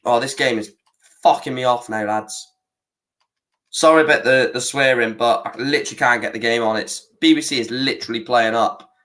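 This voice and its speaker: A man's voice: mid-range voice, moderate pace, a bit bright. A young man running a football watch-along, ranting and swearing at the referee and his stream. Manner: frustrated, swears a lot, rants at the referee.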